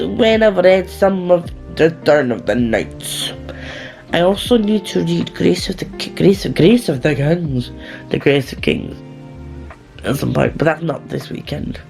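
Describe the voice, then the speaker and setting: A woman vlogger talks unhurriedly in a low voice with a gravelly, creaky edge. Her chat is playful and rambling, full of little asides, and she sounds hungry and a bit giddy. Faint music plays behind her. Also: a little mellow. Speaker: book vlogger. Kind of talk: casual reading vlog chat.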